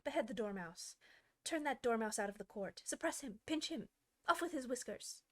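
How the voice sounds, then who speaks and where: A woman voicing a furious storybook queen who shrieks out shrill, barked orders. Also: expressive, normal speed. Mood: shrieking.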